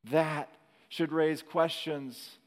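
A man preaching a sermon in a slow, dramatic way, rising to emphatic peaks and dropping to hushed lines. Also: fairly high pitch, steady tone, long reverb tail. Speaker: pastor.

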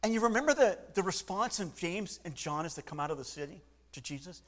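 A man preaching a sermon, animated and full of restarts, acting out the voices of people in the story. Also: sits high, quick pace, few pauses. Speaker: pastor.

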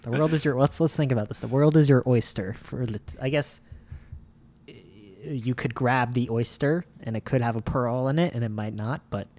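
A man's voice: mid-range voice, moderate pace, darkish tone. A man co-hosting a podcast in casual chat, easygoing and joking. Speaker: podcast co-host.

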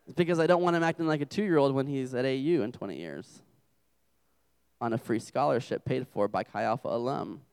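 A man's voice: mid-range voice, a little fast, creaky, a little mellow, clean tone. A young adult man preaching a humorous sermon to a campus group, telling self-deprecating stories as a father. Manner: joking, self-deprecating storyteller.

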